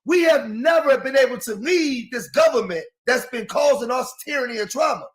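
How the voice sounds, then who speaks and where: A man with a very high, expressive voice and an African American English accent speaks at a moderate pace. In a casual talk-show discussion, he argues passionately and insistently.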